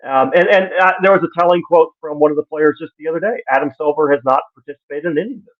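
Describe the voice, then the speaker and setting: A man giving casual live-stream sports commentary, animated and exasperated, acting out the voices he quotes. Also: a little high, fast. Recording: tinny phone-like line.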